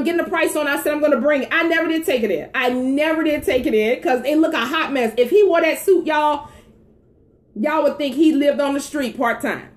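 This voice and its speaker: A woman telling a story about her husband in a casual live-stream chat, animated and laughing, talking straight to her viewers. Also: very high-pitched. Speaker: wife co-hosting a live stream. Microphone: phone.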